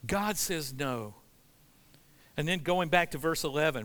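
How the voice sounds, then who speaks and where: A man's voice: fairly high pitch, lively intonation, unhurried, pauses often, a bit bright. A middle-aged male pastor preaching a sermon, impassioned and conversational, reading scripture and acting out what God and churchgoers might say.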